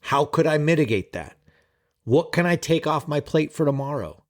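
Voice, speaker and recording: Guy productivity coach vlogging to camera, swears a lot, super animated and kinda high-pitched, talks right at you. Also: normal speed. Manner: animated, profane, talks straight to viewers. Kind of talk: casual vlog monologue.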